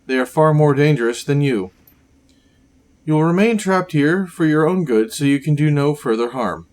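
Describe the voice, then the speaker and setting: A man voicing a gaunt, sickly male scientist villain, reading game dialogue aloud in a grave, measured way. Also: fairly high pitch, animated, a little mellow, lightly acted.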